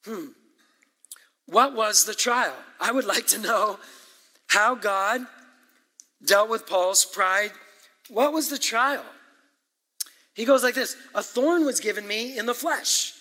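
A man preaching a sermon as pastor, animated and emphatic, with asides and quick laughs. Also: high voice. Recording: echoey hall with long reverb.

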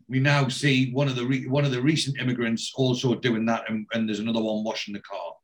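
A man's voice: mid-range voice, little pitch movement, a little fast. Man casually retelling a TV episode. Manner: acts out each character's lines, with frequent fillers and restarts. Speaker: podcast host recapping a TV episode.

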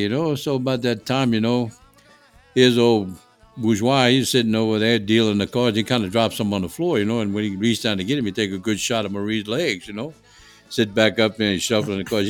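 A man's voice: lowish voice, brisk, soft background music. An older man with a New Orleans accent, a guest swapping folksy, rambling stories at a dining table. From Louisiana. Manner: folksy, rambling, repeats words. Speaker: guest, HVAC tradesman. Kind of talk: casual storytelling chat. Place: family dining table, indoors.

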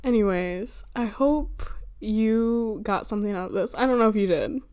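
A young woman talks alone into her microphone in a loose, rambling podcast monologue. She fills her sentences with "like," laughs at herself often and drifts between advice and self-teasing. Her pitch sits in an ordinary middle range. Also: lively intonation, normal speed, darkish tone, smooth. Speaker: podcast host. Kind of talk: casual solo podcast monologue. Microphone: handheld or desk microphone she bumps.

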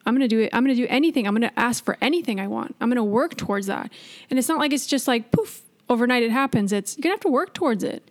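A woman's voice: a little high, animated, rapid-fire. A woman co-hosting a podcast in casual chat, explaining her views earnestly with plenty of fillers. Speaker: podcast co-host.

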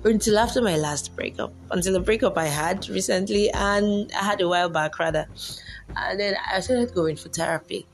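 With vocal fry in her medium-pitched voice, a young woman speaks at normal speed while faint music plays. As a relationship-advice vlogger, she tells stories casually, quoting her past self and laughing often.

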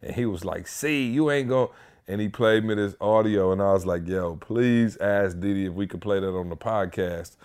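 Man, podcast co-host, lowish voice, emphatic, encouraging. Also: steady tone, normal speed, hardly any pauses, a little mellow, clear, resonant tone. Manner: emphatic, encouraging, repeats himself. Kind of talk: casual podcast chat.

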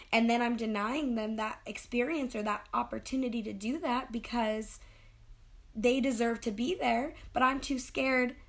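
A young woman co-hosting a podcast, speaking candidly and a little self-doubtingly in a rambling casual chat. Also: fairly high pitch. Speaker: podcast co-host.

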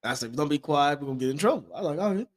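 Animated man, a father telling stories. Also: on the high side, racing. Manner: animated storyteller, acts out quotes. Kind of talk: casual chat.

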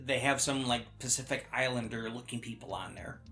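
A man co-hosting a podcast, casually recapping a horror movie plot and tossing in quick character voices. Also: mid-range voice, bright, forceful tone, soft background music. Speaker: podcast co-host. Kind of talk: casual movie review chat.

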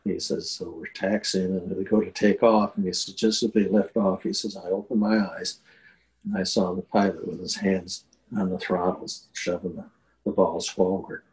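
A man's voice: deep voice, level tone, normal speed, a little mellow, low-quality recording. An older man telling an emotional story in a casual interview, earnest and full of fillers. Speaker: guest telling a war veteran story.

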